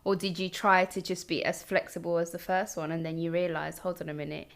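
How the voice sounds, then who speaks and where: A woman's voice: lowish voice, level tone, fairly quick, creaky. A woman hosting a podcast, asking her guest questions and sharing her own parenting stories. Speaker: podcast host. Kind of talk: casual interview.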